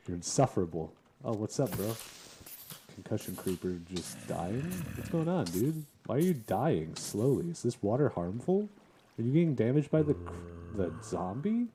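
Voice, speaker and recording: A man's voice: on the low side, big pitch swings, normal speed, warm tone, a little hiss or hum. A young man casually commenting on his game as he plays, chatting and chuckling in a laid-back way. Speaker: gaming streamer. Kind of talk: casual Let's Play commentary.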